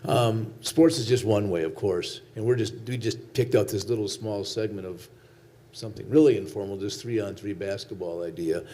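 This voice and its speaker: Low mellow guy rambling earnestly, answering questions at a panel event. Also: moderate pace. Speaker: filmmaker on a panel. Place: law school auditorium.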